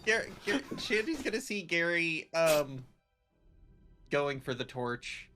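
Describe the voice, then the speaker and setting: A woman's voice: deep voice, very animated, slow pace, fairly bright tone, faint music behind. A woman playing a tabletop game, describing her character's moves with wry asides.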